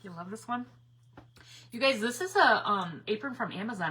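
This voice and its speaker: A woman's voice: fairly high pitch, sing-song, moderate pace, long pauses, bright, forceful tone, slight background noise. A middle-aged woman hosting a live crafting stream, chatting bubbly with viewers, rambling and laughing often. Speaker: craft livestream host.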